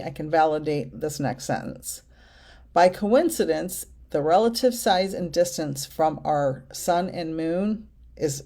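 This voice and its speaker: A woman's voice: deep voice, warm tone. A woman reading oracle cards aloud in a chatty, effusive way. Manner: chatty and effusive, reads card text aloud. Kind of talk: card-reading vlog.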